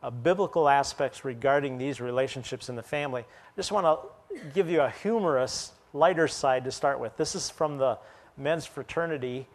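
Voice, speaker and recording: A man's voice: medium pitch, normal speed. Man preaching with joking asides. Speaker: pastor. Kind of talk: sermon.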